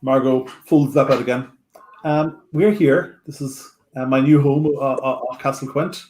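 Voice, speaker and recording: A man's voice: medium pitch, steady tone, measured pace, darkish tone, slight background noise. A man narrating as dungeon master, hesitant and full of fillers, in a roomy-sounding recording. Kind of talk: narrating a tabletop game. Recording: roomy echo.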